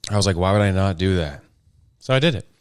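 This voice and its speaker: A young man with a low voice hosts a casual podcast, rambling along and poking fun at himself. The sound is dry and close. He talks loosely and jokes often. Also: animated, fast, smooth, no room sound. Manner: rambling, jokey and self-deprecating. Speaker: podcast host. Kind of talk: casual solo podcast chat.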